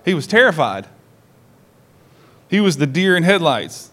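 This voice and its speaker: A man preaching a sermon to a congregation in a church service. He is an animated storyteller who acts out the lines he quotes and asks the congregation direct questions. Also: fairly high pitch, a little slow, pauses often. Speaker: pastor.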